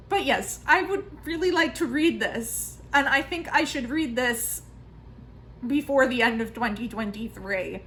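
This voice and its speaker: A woman in her thirties chatting casually in a book vlog, self-mocking and full of quick asides. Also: fairly high pitch, animated, fairly bright tone, slight background noise, low-quality recording. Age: 30s. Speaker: book vlogger.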